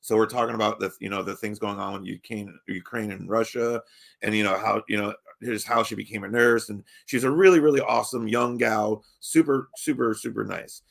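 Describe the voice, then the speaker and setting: Gravelly-voiced man telling a rambling story. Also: fairly low pitch, steady tone, a little fast. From Baltimore. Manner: rambling, profane, laughs often, many restarts. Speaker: podcast host. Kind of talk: casual storytelling chat.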